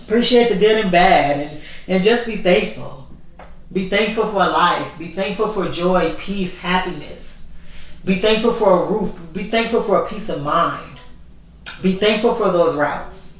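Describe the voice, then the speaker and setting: This is a heartfelt, casual vlog from a woman whose voice sits on the low side and moves a little slowly. She rambles candidly and repeats herself. Heard only as a voice since the camera failed, she sounds distant from the mic in a very echoey room.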